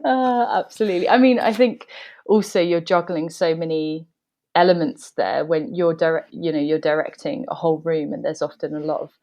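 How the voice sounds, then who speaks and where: A woman guest on a podcast, a movement director and dancer, answering thoughtfully with frequent pauses and fillers. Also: sits low, darkish tone, highs cut off. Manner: thoughtful, hesitant with frequent ums. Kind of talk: reflective podcast conversation.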